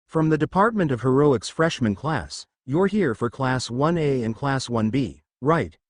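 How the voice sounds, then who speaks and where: A man voicing a loud, excitable male stadium announcer hyping a crowd in a fan-fiction reading. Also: mid-range voice, measured pace, no echo, clean studio sound. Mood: hyped. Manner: hyped announcer patter.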